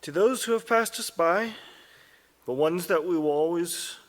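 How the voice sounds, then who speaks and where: A man speaking at a memorial, reading a short tribute haltingly, with sighs and restarts. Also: high voice.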